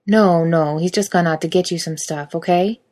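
Woman reading a gruff, sarcastic young man. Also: fairly low pitch, fairly even intonation, moderate pace, darkish tone, lightly acted. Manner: dry and sarcastic.

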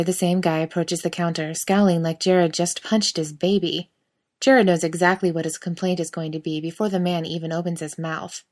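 A woman's voice: fairly low pitch, darkish tone. A woman narrating a scripted story in a wry, sardonic manner.

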